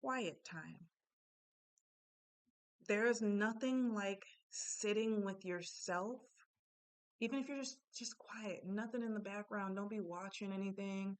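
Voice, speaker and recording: A woman's voice: medium pitch, slow pace, smooth. A young adult woman giving a casual, chatty self-help talk, candid and full of asides.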